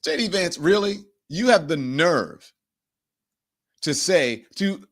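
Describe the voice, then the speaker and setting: A man hosting a political commentary show, incredulous and animated, often laughing between remarks. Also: fairly high pitch, slow. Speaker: host.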